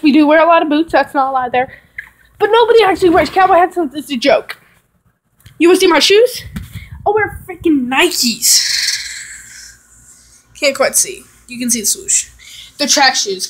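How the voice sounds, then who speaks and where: A woman's voice: high voice, low-quality recording. A young woman from Texas, chatting casually into her phone camera at home, rambling from point to point and swearing offhandedly. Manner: chatty, digressive, swears casually, self-mocking. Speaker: vlogger.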